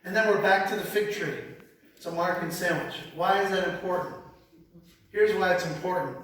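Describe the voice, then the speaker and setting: High-voiced man teaching the Bible. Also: normal speed. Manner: animated, conversational, repeats words. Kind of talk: sermon-style Bible teaching. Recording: very echoey hall, speaker far from mic.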